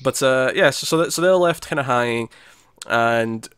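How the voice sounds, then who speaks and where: A man's voice: mid-range voice, moderate pace, fairly bright tone, clean tone, no echo. A man co-hosting a podcast in casual chat, chatty and laughing often, acting out characters' lines. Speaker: podcast co-host.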